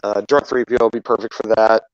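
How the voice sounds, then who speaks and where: A man calling in from his phone while out, talking about puppets in an unhurried way with plenty of fillers. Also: lowish voice, fairly even intonation, smooth, dry recording. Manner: unhurried, explains things with fillers. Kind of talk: casual chat. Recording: dull, robotic phone mic.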